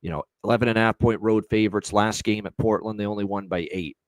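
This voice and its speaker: A man co-hosting a casual sports betting show who talks in a rambling way with lots of filler phrases and gets loud and profane when he signs off. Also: lowish voice, fairly even intonation, fast, no echo, low-quality recording. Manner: profane hype in sign-offs. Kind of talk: casual betting talk on a livestream.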